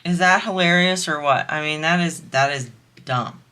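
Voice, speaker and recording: A woman's voice: low-pitched, moderate pace, bright, forceful tone, smooth. A woman vlogger chatting casually while she crafts, amused and laughing often.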